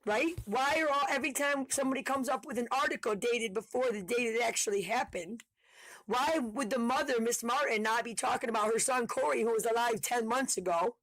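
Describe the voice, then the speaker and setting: A woman commentator talking in a heated, fast way, swearing often. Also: fairly high pitch, a bit bright, dry recording. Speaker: online commentator. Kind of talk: casual commentary video.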